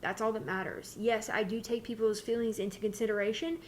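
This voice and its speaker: A woman's voice: a little high, fairly even intonation, a little fast, a little hiss or hum. A woman talking casually and candidly as a spiritual channeler, rambling and breaking off her own sentences. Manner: candid, rambling, self-interrupting.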